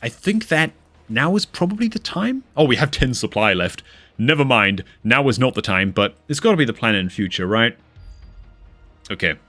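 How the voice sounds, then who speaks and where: Over faint background music, a medium-pitched male caster gives excitable commentary on a strategy game replay. He exclaims readily and often calls his audience dude and man.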